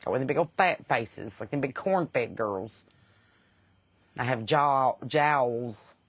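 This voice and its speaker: A woman's voice: extremely low pitch, animated, takes it slowly, husky, dry recording. A woman podcast host with a Southern accent, blunt and sarcastic in casual comedic talk, laughing at her own jokes and a bit stuffy from sinus trouble.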